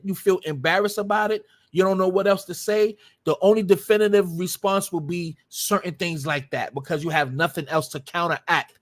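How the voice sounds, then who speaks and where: Combative man ranting on a livestream. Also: high voice. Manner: combative, profane, repetitive. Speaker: live stream host. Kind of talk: heated livestream commentary.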